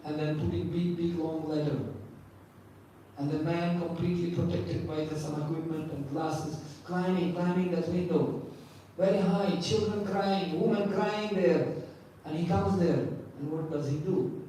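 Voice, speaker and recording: A man's voice: a little high, steady tone, normal speed, dark tone, a little hiss or hum. A man giving a scripture class as a spiritual teacher, emphatic and repeating key phrases, asking and answering his own questions. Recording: echoey hall from far off.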